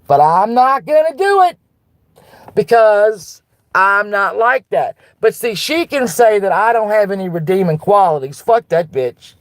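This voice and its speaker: Livestream host, woman, mid-pitched voice, dry close sound, blunt and profane rant to her chat. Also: lively intonation, measured pace, no echo. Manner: blunt and profane, with frequent restarts; fired-up and defiant, turning soft when apologizing.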